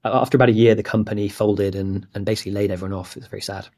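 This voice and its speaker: The voice is fairly low, darkish and steady, delivered rapid-fire by an English man in his late twenties. He's the guest in a casual interview, a startup founder giving a candid, rambling account of his company, full of "like".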